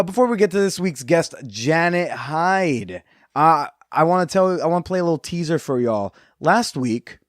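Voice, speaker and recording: A man's voice: a little high, dry recording, studio quality. A man hosting a podcast, reading sponsor ads and joking in a rambling, sarcastic way. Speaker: podcast host. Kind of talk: casual podcast chat with ad reads.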